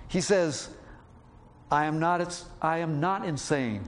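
A man preaching a sermon, slowing down to read scripture aloud and raising his voice to act out the quoted lines. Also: a little high, expressive. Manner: acts out quotes with raised voice; slows down when reading scripture.

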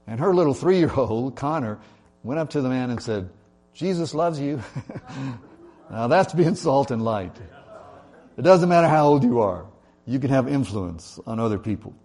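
Mellow-voiced man preaching a sermon. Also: medium pitch, lively intonation, moderate pace, long pauses. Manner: conversational preaching with fillers, rising on lists. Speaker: pastor.

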